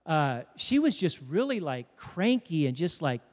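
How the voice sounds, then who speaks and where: High-voiced preacher in an echoing hall. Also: male voice, unhurried. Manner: storytelling, animated, joking with congregation. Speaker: pastor. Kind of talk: sermon. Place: church sanctuary. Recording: preached in a hall with long reverb.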